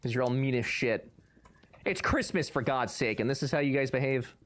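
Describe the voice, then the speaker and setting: A man's voice: medium pitch, expressive, a little fast, fairly bright tone. A man streaming live, chatting casually and answering his chat with sarcastic, joking banter.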